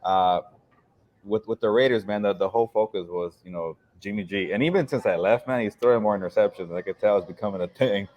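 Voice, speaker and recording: A man co-hosting a casual football podcast, talking quickly with many fillers. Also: fairly low pitch, a little mellow, highs cut off. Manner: rapid, filler-heavy talk. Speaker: podcast co-host, football reporter. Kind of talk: casual sports podcast chat.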